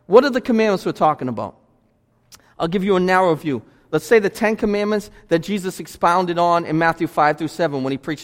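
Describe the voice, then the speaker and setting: High-voiced preaching pastor in a reverberant church. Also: male voice. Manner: emphatic, repetitive exhortation. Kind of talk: sermon. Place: church sanctuary.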